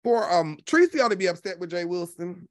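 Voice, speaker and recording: A man hosting a gossip commentary show, talking loudly and brashly with constant profanity. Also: sits high, lively intonation, fairly quick, no echo, studio quality. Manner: loud, brash, heavily profane.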